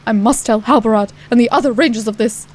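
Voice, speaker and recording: A woman's voice: fairly high pitch, fast, lightly acted. Male ranger, troubled, earnest questions, fantasy game, voiced by a woman.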